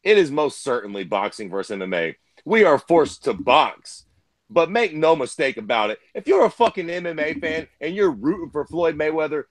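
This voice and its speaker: A man's voice: on the high side, no room sound. A man from Ohio co-hosting a fight talk show, ranting bluntly and crudely. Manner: blunt, crude, heated rants. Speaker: co-host. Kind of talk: profane casual chat.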